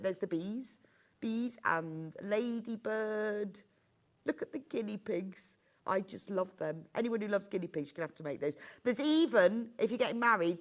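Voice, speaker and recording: Chatty woman presenting craft kits. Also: medium pitch. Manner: chatty and enthusiastic, gushing over products. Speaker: shopping channel presenter. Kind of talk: live sales presentation.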